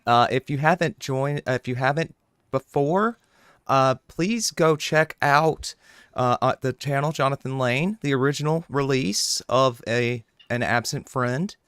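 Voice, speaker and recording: A man's voice: medium pitch, measured pace, fairly bright tone, clean tone, no room sound, studio quality. A man hosting a live online show, giving an upbeat sign-off. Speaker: host.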